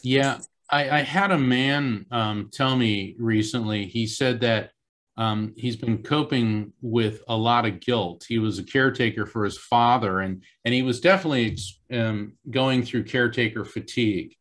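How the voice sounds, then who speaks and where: A man's voice: mid-range voice, moderate pace, fairly bright tone. A man on a video call, earnestly telling a story in an interview, emphatic and heartfelt. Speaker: psychic guest.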